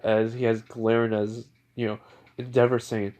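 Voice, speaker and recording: Young guy making up a fan story as he goes, lots of um and you know, mid-pitch voice. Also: little pitch movement, normal speed, warm tone. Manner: rambling, filler-heavy. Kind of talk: improvised fan fiction narration.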